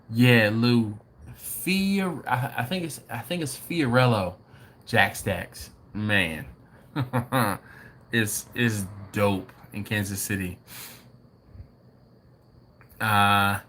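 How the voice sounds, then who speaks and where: A man hosting a live barbecue stream, chatting casually with viewers and acting out people in a story in a high mimicking voice. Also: fairly bright tone, a little hiss or hum. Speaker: host of a live BBQ show.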